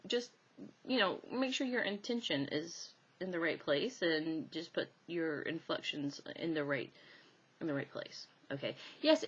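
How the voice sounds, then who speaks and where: Woman hypnosis teacher, low voice with a bright, forceful edge, chatty and laughing often, slightly dull recording. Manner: chatty and animated, laughing often, many fillers. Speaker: hypnosis instructor. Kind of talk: casual teaching talk to camera.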